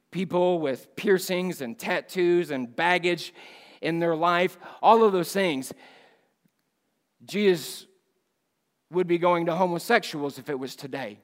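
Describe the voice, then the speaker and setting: A man preaching a sermon at a church missions conference, animated and emphatic, swinging from loud bursts down to low, quiet lines. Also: measured pace, big-room sound.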